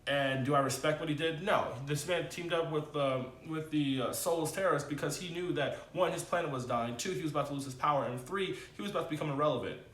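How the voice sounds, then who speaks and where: A man giving a casual, animated spoken TV review, with loose slangy talk and many fillers. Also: fast talker, hardly any pauses, reverberant. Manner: animated, swings into high excited exclamations. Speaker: TV review vlogger.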